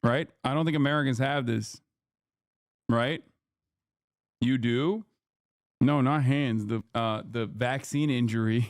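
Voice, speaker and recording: A man's voice: mid-range voice, slow pace, pauses often, dry recording, clean studio sound. A man casually reacting on a live stream, loose and profane, laughing often. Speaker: streamer reacting to a news report.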